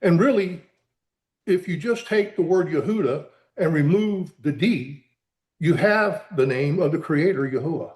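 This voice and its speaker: A man being interviewed as an author, explaining earnestly in a halting way with many repeated words and restarts. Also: on the high side, expressive, darkish tone, reverberant. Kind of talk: conversational interview.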